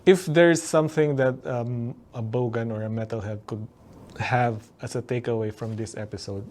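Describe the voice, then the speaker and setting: A man's voice: mid-range voice, fairly even intonation, moderate pace, a little mellow. A man hosting an interview, asking short, probing questions. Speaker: podcast host.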